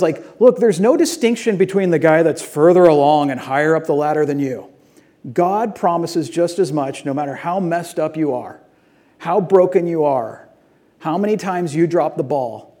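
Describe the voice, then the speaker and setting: A man's voice: on the high side, mellow. A man preaching a sermon to a congregation in a church, telling stories conversationally and building up to emphatic moments. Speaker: pastor.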